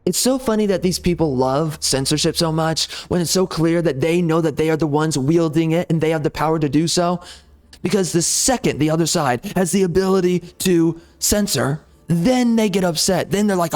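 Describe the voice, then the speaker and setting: A man's voice: on the high side, normal speed, darkish tone. A man ranting heatedly over gameplay, swearing and repeating himself as he argues. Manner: heated, profane, repetitive ranting. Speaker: gaming channel host.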